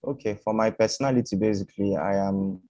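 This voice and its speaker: A man's voice: lowish voice, quick pace, dark tone, no room sound, lo-fi sound. A man answering the teacher's question in a class, hesitant and searching for his words. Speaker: course participant.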